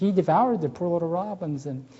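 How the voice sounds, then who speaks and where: A man's voice: a little high, brisk, mellow, husky. A middle-aged man giving a health seminar at a church, chatty and folksy, quizzing the audience and telling jokes. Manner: folksy, asks the audience questions, tells jokes. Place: church hall with a live audience. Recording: dull lo-fi recording in a reverberant hall.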